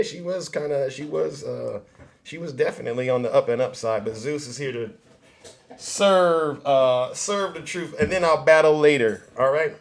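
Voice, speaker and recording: Male livestream host, political commentary, higher voice, loud, mocking, repetitive. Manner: loud, mocking, repeats himself.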